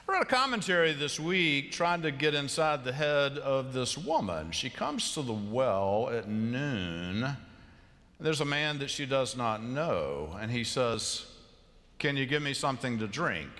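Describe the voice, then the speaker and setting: A male pastor giving a conversational sermon, swinging from animated asides to hushed, tender passages. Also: mid-range voice. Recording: long reverb of a large hall.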